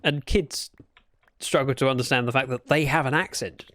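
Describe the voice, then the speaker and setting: A man from Britain chats through a game livestream in a relaxed, meandering, joking manner, correcting himself as he goes. His mid-range voice is a bit bright and moderately paced.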